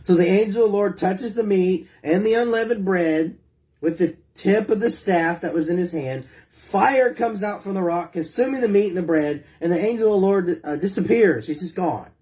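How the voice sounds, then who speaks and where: A high-voiced man preaches a sermon at a moderate pace, his tone a little mellow. He retells scripture in his own words and keeps turning to his listeners with questions.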